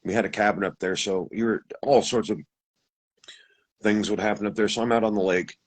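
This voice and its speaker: A man's voice: fairly low pitch, steady tone, a little fast, breathy edge, rough recording. A man from Montana casually telling a long personal story, rambling, with many asides and self-corrections. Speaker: guest telling an encounter story.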